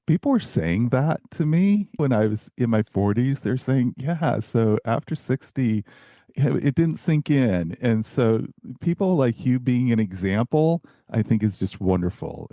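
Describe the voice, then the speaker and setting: A man's voice: lowish voice, dark tone, dry recording, studio quality. An older man hosting a podcast interview, encouraging and affirming toward his guest. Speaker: podcast host. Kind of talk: conversational interview.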